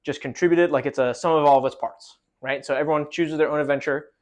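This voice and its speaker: A man's voice: fairly high pitch, fairly even intonation, fast. A man teaching marching band choreography, explaining loosely with lots of fillers and counting steps aloud, a little out of breath from demonstrating.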